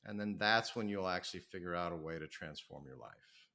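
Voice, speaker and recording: A middle-aged man speaking as a podcast guest, lively and full of stories. His voice sits low yet sounds bright and forceful, keeping the pace brisk as he coaches and pitches. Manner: energetic, storytelling, self-promoting. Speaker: author and business coach. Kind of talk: podcast interview.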